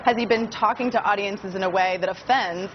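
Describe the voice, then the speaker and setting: A woman's voice: mid-range voice, fairly quick. A woman earnestly explaining her view as a guest in a cable news debate. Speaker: political commentator guest. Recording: slightly dull broadcast audio with faint noise.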